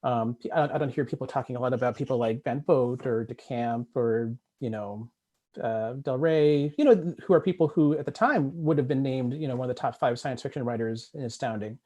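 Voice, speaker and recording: A man's voice: mid-range voice, a little fast, warm tone, dull audio. A man speaking as an author on a convention panel over a video call, talking in a hesitant way with many restarts and fillers.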